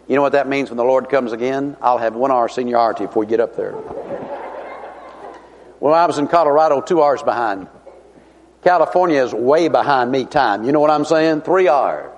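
A man delivers a folksy, storytelling sermon, keeping the congregation involved with questions. His voice sits at an ordinary pitch for a man. It carries the long reverb of a large church hall. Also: moderate pace. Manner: folksy, conversational, asks the audience questions. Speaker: preacher.

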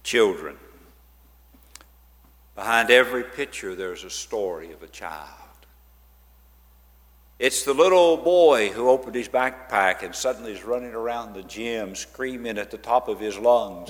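A man's voice: medium pitch, unhurried. A man giving a storytelling church talk about a ministry, acting out the voices of the people in his stories. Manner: animated storyteller who acts out quoted voices. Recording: long reverb of a large hall.

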